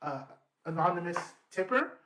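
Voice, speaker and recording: Podcast guy w a high voice, slangy, keeps saying bro. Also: lively intonation, moderate pace, sharp tone, a little hiss or hum. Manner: slangy, loose, says "bro" a lot. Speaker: podcast co-host. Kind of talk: casual storytelling chat.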